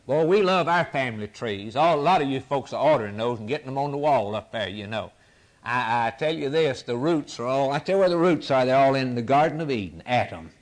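A man preaching with fervor, his pitch climbing and falling all over the place. He repeats phrases in a driving rhythm, lifting to near-shouts and then sinking to a whisper. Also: lively intonation, brisk. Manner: impassioned, rising to near-shouts and dropping to whispers; repetitive, rhythmic preaching cadence. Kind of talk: sermon.

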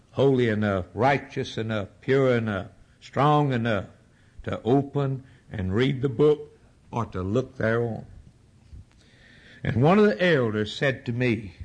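An older man preaching a sermon, building from quiet statements to fervent, rising appeals. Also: mid-range voice. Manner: preaching with rising fervor and sudden drops.

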